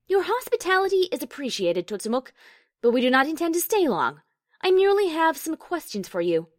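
A man voicing a regal, commanding princess with a cool, clear voice, in a storybook reading. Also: high voice, big pitch swings, a little slow, no echo, studio quality, voice pushed up.

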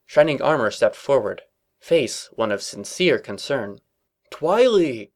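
A man's voice: medium pitch, animated, unhurried. Man narrating with dry mock seriousness. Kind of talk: reading comedic fan fiction aloud.

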